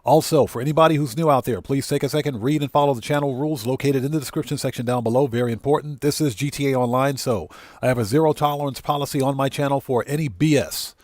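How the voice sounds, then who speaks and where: A man's voice: mid-range voice, quick pace, darkish tone, dry recording, studio quality. A man from the United States hosting a game livestream with no face cam, greeting chat viewers one by one, heartfelt and casual, talking into a desk mic. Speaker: livestream host.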